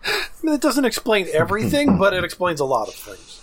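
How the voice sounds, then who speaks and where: A podcast co-host in casual chat, relaxed and wry, often trailing off mid-thought. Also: medium pitch, fairly quick, noisy background.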